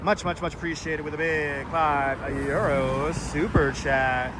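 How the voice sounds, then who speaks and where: A man hosts a walking live stream, his voice sitting high for a man. He talks loose and profane on a wireless mic. Faint traffic hum hangs behind him on the street. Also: fairly even intonation, unhurried. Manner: loose and profane, greets viewers. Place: city streets outdoors. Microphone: wireless clip mic. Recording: outdoor street with light traffic noise.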